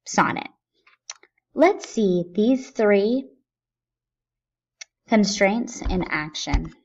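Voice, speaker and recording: Woman teacher, slow and patient step-by-step explaining, dull lo-fi sound. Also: medium pitch, a little mellow. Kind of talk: recorded lesson explaining sonnet structure.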